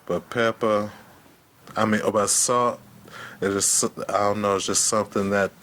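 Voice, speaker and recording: A man's voice: lowish voice, fairly even intonation, moderate pace, fairly bright tone, a little hiss or hum. A man co-hosting a casual wrestling review podcast, crude and hesitant, often restarting his words. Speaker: podcast co-host.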